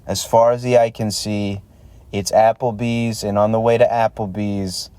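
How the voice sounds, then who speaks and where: A man's voice: lowish voice, flat delivery, moderate pace, warm tone, clean tone, dry recording. A man in his thirties hosting a solo comedy podcast, ranting sarcastically and swearing freely from a laundromat. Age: 30s. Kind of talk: solo stand-up style rant.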